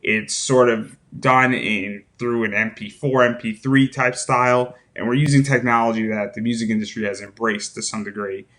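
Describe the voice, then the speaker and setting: A man's voice: medium pitch, fairly even intonation, moderate pace, few pauses, a bit bright. A man hosting a casual interview about a comic, rambling and thinking aloud with restarts. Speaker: podcast host.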